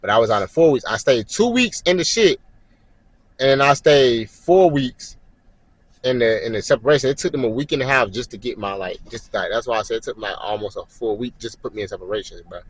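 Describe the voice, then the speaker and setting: A man's voice: mid-range voice, fairly quick, husky, no echo, low-quality recording. A young man telling a casual story, swearing a lot and acting out the voices of the people in it. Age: young adult. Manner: animated, swearing, slangy, acts out voices and yells mid-story.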